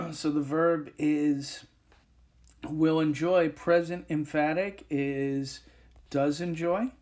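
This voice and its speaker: Slightly high and darkish in tone, a man's voice explains English grammar one step at a time over a whiteboard recording, with lots of pauses and fillers.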